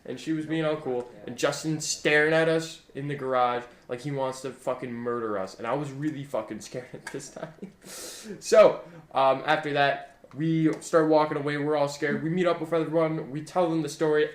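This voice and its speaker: A man's voice: on the high side, fairly even intonation, normal speed. A young man telling a story in a casual, rambling vlog, swearing often and restarting his sentences. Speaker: YouTuber. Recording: roomy echo, faint background hum.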